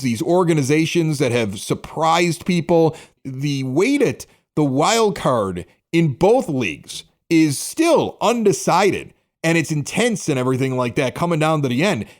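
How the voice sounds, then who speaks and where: Blunt opinionated sports podcast host. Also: male voice, fairly high pitch, big pitch swings, measured pace. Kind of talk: casual sports podcast chat.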